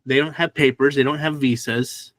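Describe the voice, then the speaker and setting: This relaxed man co-hosts a podcast, talking in a casual chat at a moderate pace. His medium-pitched voice comes through with a dry, close recording sound.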